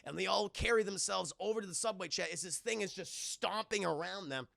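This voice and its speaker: A man recapping a film scene by scene on a live stream, talking to his chat, swearing freely and acting out the characters' lines in quick animated bursts. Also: high voice, gravelly, no room sound, clean studio sound. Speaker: live streamer reviewing films.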